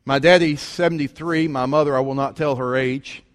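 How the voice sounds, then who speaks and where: Folksy preacher in reverberant church. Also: male voice, mid-range voice, steady tone, moderate pace. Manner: folksy and conversational, with rhetorical questions. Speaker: pastor. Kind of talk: storytelling sermon. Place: church sanctuary. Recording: long church hall reverb.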